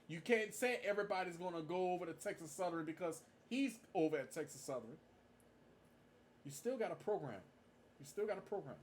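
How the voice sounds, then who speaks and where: A man's voice: high-pitched, animated, brisk, slight background noise. A man giving a casual tribute monologue, stressing his points by repeating them. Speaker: marching band fan vlogger.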